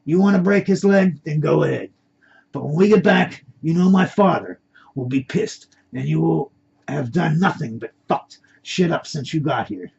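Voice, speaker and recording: A man voicing a calm, menacing male kidnapper in a black mask who gives cold commands. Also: fairly high pitch, normal speed, gravelly, slightly rough, muffled recording, exaggerated voice.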